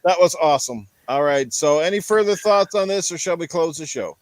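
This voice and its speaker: Male gaming-show host, slightly high, relaxed and rambling, dry close recording. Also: fairly quick, no room sound. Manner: laid-back, rambling with fillers. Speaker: podcast host. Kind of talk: casual panel chat.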